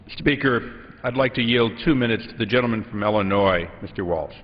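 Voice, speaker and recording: A man's voice: on the low side, fairly quick. A man speaking formally as a congressman in floor debate, raising procedural points. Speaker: congressman managing floor time. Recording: dull broadcast sound with long hall reverb.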